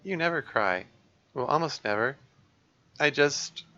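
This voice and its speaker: A man voicing a tired, emotional young woman who speaks haltingly and sounds subdued. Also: mid-range voice, animated, sharp tone, dull audio, faint music behind, voice pushed up. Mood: weary.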